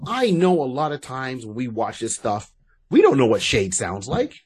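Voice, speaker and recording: A man's voice: medium pitch, huge pitch swings, normal speed, a little mellow, breathy edge. A man co-hosting a podcast, chatting casually and rambling with restarts and asides. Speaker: podcast co-host. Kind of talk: casual chat.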